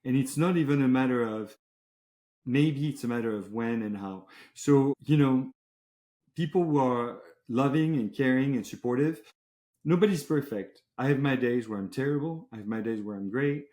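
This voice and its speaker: A man hosting a podcast in casual chat, telling stories in a relaxed way with long run-on lists. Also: medium pitch, moderate pace, echoey room. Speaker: podcast host.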